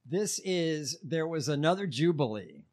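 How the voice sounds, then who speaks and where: A man's voice: on the high side, lively intonation, a little slow, darkish tone. A man co-hosting a podcast, chatting casually and hesitantly with many fillers. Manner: hesitant, lots of uh and um. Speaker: podcast co-host. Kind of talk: casual chat.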